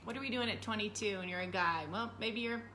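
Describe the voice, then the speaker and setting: A woman co-hosting a casual talk, playing out an imagined scene and slowing to narrate it. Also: medium pitch, bright, forceful tone, slight background noise. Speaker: podcast co-host. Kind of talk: casual chat.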